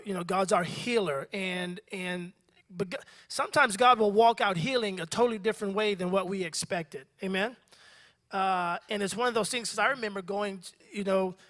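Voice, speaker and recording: A man's voice: high-pitched, a bit bright. A man serving as the pastor who hosts a church interview, speaking in a preacherly way and turning to the congregation. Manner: preacherly, addresses the congregation directly. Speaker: pastor hosting the conversation. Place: church sanctuary before a congregation.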